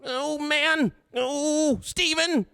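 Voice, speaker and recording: A man's voice: very high-pitched, fairly even intonation, very slow, bright, forceful tone, no echo, voice pushed up, full character voice. A man voicing a whiny, fearful teenage boy who wails and complains. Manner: whiny, wailing, self-pitying.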